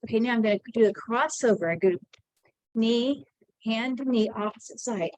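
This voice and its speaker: Slightly high and a little mellow, at normal speed, this woman talks through an energy routine as she performs it, a bit breathless. Chatty and encouraging, she narrates her own moves in a casual demo captured dry and in low quality.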